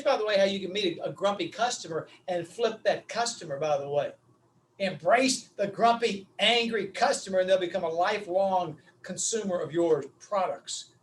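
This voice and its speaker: A man giving a motivational webinar talk, telling stories in an animated way that swings from loud to quiet. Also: sits high, far from the mic, a little hiss or hum, low-quality recording. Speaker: speaker.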